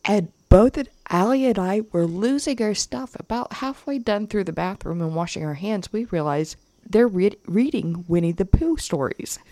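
A woman co-hosting a podcast, telling trip stories in an animated way and laughing often. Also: mid-range voice, moderate pace, no echo. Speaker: podcast co-host. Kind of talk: casual chat.

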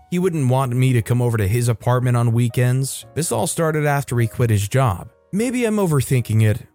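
Man, story narrator, steady scripted reading, mid pitch, faint background music. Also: no echo. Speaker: narrator of online forum stories.

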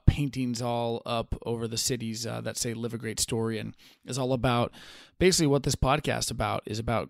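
A man's voice: medium pitch, no echo, clean studio sound. A young man hosting a podcast, talking in a laid-back, upbeat way full of fillers, recorded outdoors in a park. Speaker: podcast host. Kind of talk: casual podcast chat. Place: outdoors in a park under a tree.

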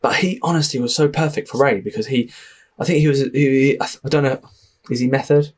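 A man's voice: mid-range voice, a little fast. Chatty Essex man telling stories. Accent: Essex English. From Essex, England. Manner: chatty storyteller, swears, laughs often. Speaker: film director guest. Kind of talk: casual podcast interview.

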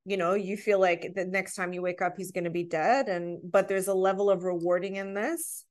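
This woman speaks at an ordinary middle pitch as a podcast guest. She tells personal stories in an earnest, heartfelt way, and her talk is relaxed and conversational. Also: moderate pace.

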